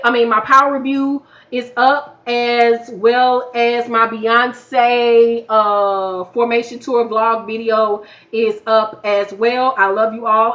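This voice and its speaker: Blunt, profane woman, dull lo-fi sound. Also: a little high. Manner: blunt, profane, animated retelling. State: losing her voice. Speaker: YouTube reviewer. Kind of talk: casual TV recap.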